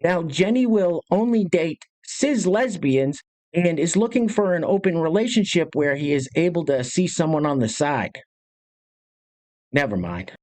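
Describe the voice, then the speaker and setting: Sarcastic man hosting commentary, animated. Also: a little high, measured pace. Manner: sarcastic, sneering asides. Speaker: commentary channel host. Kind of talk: mocking video commentary.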